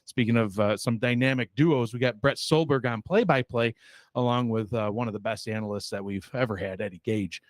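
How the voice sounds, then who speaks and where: A man's voice: mid-range voice, a little fast, no room sound, studio quality. A man hosting a sports show in a loose, rambling way, full of fillers and self-deprecating asides. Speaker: show host. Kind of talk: casual sports show chat.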